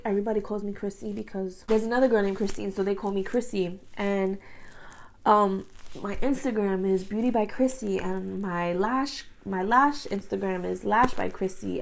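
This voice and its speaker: Facing the camera, a beauty vlogger of thirty opens up emotionally, talking earnestly, repeating herself and filling gaps with "like." Her voice is mid-range and gravelly, recorded on the camera mic with poor audio.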